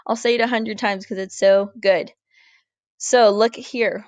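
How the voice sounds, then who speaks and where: A woman teaches a recorded grammar lesson in a clear, deliberate voice, slowing down to model each word. Her pitch sits in the middle for a woman. The sound is dry and close. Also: fairly even intonation, no echo. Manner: clear, deliberate, slows down to model Spanish words. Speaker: Spanish teacher. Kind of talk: recorded classroom lesson over slides.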